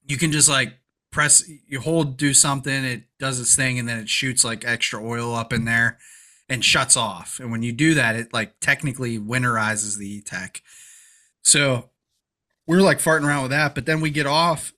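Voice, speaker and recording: A man's voice: medium pitch, moderate pace. A man co-hosting a casual fishing podcast, telling fishing-day stories with lots of laughter. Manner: animated storyteller, laughs hard. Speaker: podcast co-host. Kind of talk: casual chat.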